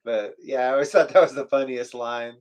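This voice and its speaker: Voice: mid-range voice, fairly quick, a little mellow. A co-host from the US West Coast in a casual live chat from home, playful and joking. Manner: playful, jokey, reads lyrics aloud.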